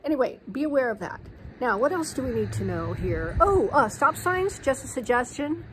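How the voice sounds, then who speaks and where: A woman's voice: high voice, normal speed, a little hiss or hum, poor audio. Chatty American woman vlogging at home. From United States. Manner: chatty storyteller, animated anecdotes with fillers. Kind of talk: casual vlog chat. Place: home terrace in a hill town.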